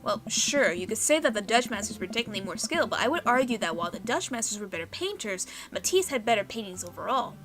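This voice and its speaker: A woman's voice: medium pitch, very animated, quick pace, hardly any pauses, lightly acted. A woman doing a pompous art-buff dad. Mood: lecturing. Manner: lecturing, fired up. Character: pompous middle-aged male art teacher, passionate.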